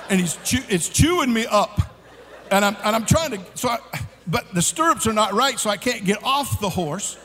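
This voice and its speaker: A man preaching at a youth conference, telling a comic story with shouts and laughs. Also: high-pitched, animated, normal speed, slight background noise. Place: large conference hall. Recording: long hall reverb.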